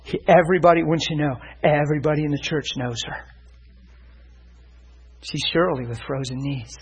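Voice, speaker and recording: Male preacher, husky, fairly high voice, lively storytelling sermon, surges up when excited. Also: a little fast.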